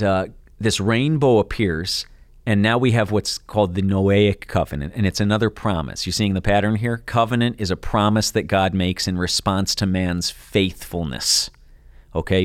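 A man with a lowish voice co-hosts a podcast and walks his listener through a subject in an earnest, teaching manner. He drops in wry little asides. The sound is dry and close, with no room echo. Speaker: co-host.

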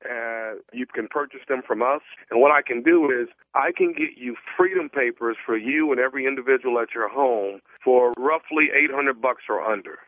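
A man making a prank phone call, posing as a salesman with an earnest pitch full of stumbles and restarts. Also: moderate pace, hardly any pauses, no room sound. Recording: tinny phone line.

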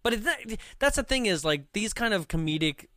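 Man, bright clear voice, casual film review, rambling, dry close mic. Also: sits high, big pitch swings, brisk, no echo. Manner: rambling, lots of "like" and "right?".

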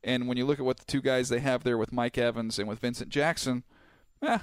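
A man giving football analysis on a talk show, speaking in a steady, measured way at an average pitch. His voice sounds close and dry, and he works through his points with casual fillers. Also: clear, resonant tone, dry recording. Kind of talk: sports radio debate.

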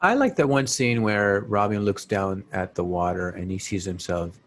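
A man's voice: low voice, normal speed, fairly bright tone, a little hiss or hum. A man chatting casually and easily about a movie, often repeating his points. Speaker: podcast co-host. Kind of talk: casual movie review chat.

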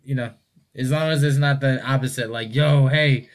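A man with an everyday mid-range voice, talking easily and casually in slang. He tells stories in an unhurried, offhand way. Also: mid-range voice. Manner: relaxed storyteller, slangy. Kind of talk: casual chat.

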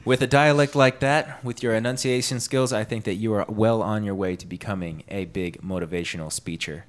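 A man's voice: lowish voice, steady tone, fairly quick. A man hosting a podcast in casual chat, well spoken, with a salesman-like delivery on ad reads. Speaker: podcast host.

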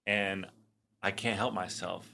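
A man's voice: low-pitched, slow, gravelly, heavy background noise. A man in his forties co-hosting a podcast, telling a story in casual chat with fillers and restarts. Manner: animated, acts out quotes, many fillers and restarts. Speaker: podcast co-host.

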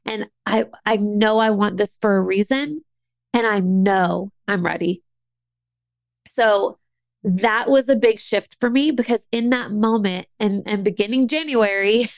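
Casting note: young woman, chatty storyteller full of "like", vocal fry, dry close sound. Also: a little high, no room sound. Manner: chatty, lots of "like" and restarts, animated. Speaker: business owner. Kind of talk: casual storytelling monologue.

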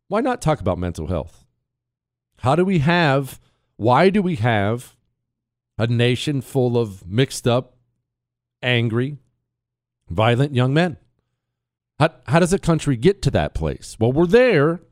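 A man hosting a talk radio show from a studio, telling a story in a casual, animated way. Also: medium pitch, no echo. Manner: animated storyteller, laughs at his own tale. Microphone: studio microphone.

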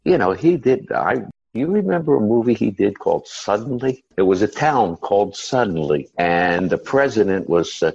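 A man's voice: lowish voice, expressive, moderate pace, vocal fry, a little mellow, dull audio, a little hiss or hum. A man, telling rambling stories as an interview guest, full of "you know" and "uh.". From United States. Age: 70s. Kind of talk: casual storytelling interview.

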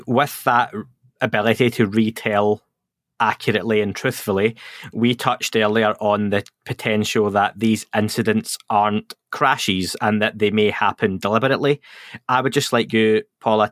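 Man, Scottish accent, podcast host, low pitch, dry close sound, measured questions. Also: fairly even intonation, a bit bright, no echo. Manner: measured questions with hesitant fillers. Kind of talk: podcast interview.

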